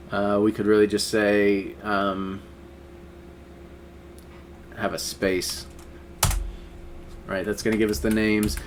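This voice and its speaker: A man's voice: fairly low pitch, slight background noise. A man teaching a screen-recorded coding lesson, talking casually and thinking aloud with many fillers. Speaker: instructor. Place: at a computer, keyboard typing.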